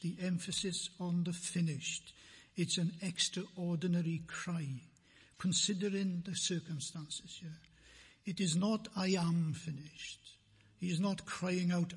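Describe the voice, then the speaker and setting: A man preaching a sermon in a church, slow and deliberate, repeating phrases for emphasis, with a husky voice. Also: fairly high pitch, big-room sound.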